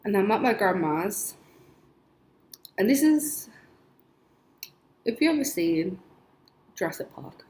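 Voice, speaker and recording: A woman's voice: medium pitch, very animated, takes it slowly, long pauses, a little mellow. Chatty young woman in an echoey room. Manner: chatty, rambling, laughs often, lots of "like". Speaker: vlogger. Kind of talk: casual storytelling. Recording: echoey room with faint noise.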